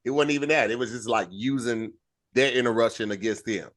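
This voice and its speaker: A man's voice: mid-range voice, fairly quick, a bit bright. A man co-hosting a comedy podcast, making emphatic points and repeating his words as he builds them. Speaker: podcast co-host. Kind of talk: casual podcast debate.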